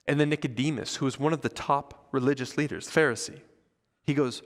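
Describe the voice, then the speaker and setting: A male pastor preaching a sermon, reading scripture and acting out the voices of the crowd in a casual, animated way. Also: on the high side, a little fast. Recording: church hall with long reverb.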